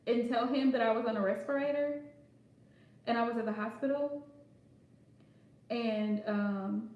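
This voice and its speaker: Laughing high-voiced woman in an echoey room. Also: lo-fi sound. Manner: playful, laughing jokester. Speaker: host. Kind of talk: casual livestream chat.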